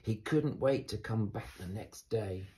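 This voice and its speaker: Guy reading a kids' bedtime story, slow, warm mellow voice, lots of ups and downs. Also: fairly low pitch. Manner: gentle, expressive read-aloud.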